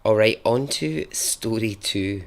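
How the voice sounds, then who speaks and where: A man's voice: fairly low pitch, takes it slowly. A man hosting a podcast, telling a story casually with chatty, laughing asides and rambling tangents.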